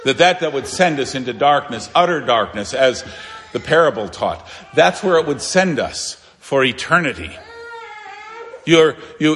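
A man's voice: mid-range voice, sing-song, a little slow. Earnest preaching man in a reverberant church. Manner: earnest preaching with emphatic rises and sudden quiet drops. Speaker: pastor. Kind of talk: sermon. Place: church sanctuary. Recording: long reverb of a church hall.

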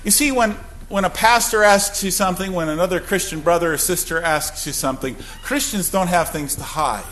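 Bright, high-voiced preaching man. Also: a little fast, slight background noise. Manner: emphatic, with rhetorical questions. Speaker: pastor. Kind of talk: sermon.

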